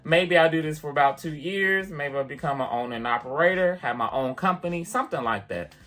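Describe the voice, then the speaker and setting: A man vlogging, chatty and animated as he tells a personal story to the camera, full of casual fillers. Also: fairly high pitch, fairly quick. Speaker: vlogger and piano teacher.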